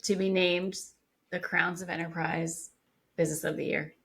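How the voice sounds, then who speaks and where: A woman's voice: lowish voice, level tone, moderate pace, gravelly, a bit bright, husky. A woman hosting an interview podcast, casually affirming her guest and summing up her points. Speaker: podcast host.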